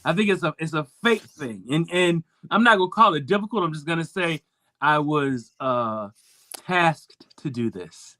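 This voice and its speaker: A man's voice: a little high, lively intonation, moderate pace, sharp tone, dry recording. A man hosting a sports talk show, talking casually with lots of fillers and restarts.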